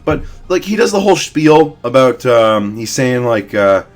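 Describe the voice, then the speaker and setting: A young man, a fitness vlogger, ranks fitness influencers in blunt, profane, rambling casual commentary. His medium-pitched voice is very animated and a little slow.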